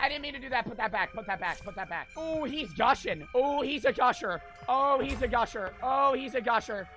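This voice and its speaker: A man giving frantic gameplay commentary, swearing, talking to himself and breaking into sudden loud outbursts. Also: very high voice, animated, normal speed, hardly any pauses, loud music behind the voice. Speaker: gaming streamer.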